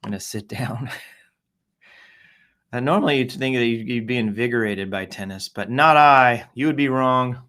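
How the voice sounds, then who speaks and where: A man of ordinary pitch hosts a casual live stream from his desk. He reads posts and viewer comments aloud and breaks in with playful, self-mocking asides. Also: moderate pace, a bit bright. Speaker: livestream host reading social media posts.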